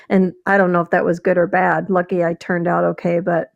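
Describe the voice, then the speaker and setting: A woman's voice: fairly low pitch, fairly even intonation, moderate pace, vocal fry, darkish tone, no room sound, dull audio. A middle-aged woman from the American Midwest, telling rambling stories with laughs and restarts as co-host of a casual stream. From Wisconsin. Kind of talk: casual storytelling chat.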